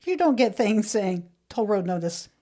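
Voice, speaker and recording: A woman's voice: mid-range voice, big pitch swings, moderate pace, dark tone. A woman co-hosting a podcast, telling stories in a playful casual chat and laughing often. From Florida, United States. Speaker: podcast co-host.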